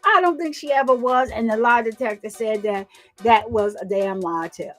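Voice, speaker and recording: A woman's voice: on the high side, moderate pace, soft background music. A woman giving casual, emphatic true crime commentary, repeating words and reacting to her chat.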